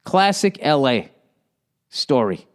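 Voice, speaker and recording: A man's voice: medium pitch, very animated, slow pace, clean tone. A man in his forties with a Boston accent, hosting a casual solo podcast and rambling with lots of swearing. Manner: profane, rambling, slips into shouted movie-gangster impressions. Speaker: podcast host.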